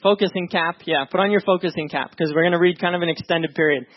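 High-voiced man preaching a sermon. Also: steady tone, fast talker. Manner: conversational, repeats words, asks the room "right?". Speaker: pastor. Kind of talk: sermon with scripture reading. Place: church before a congregation. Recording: dull lo-fi sound.

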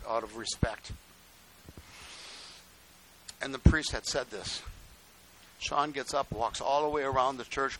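Older man, pastor, folksy sermon storyteller, bright forceful tone, faint hiss on the tape. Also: poor audio. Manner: folksy storytelling preaching, swinging from low asides to loud exclamations.

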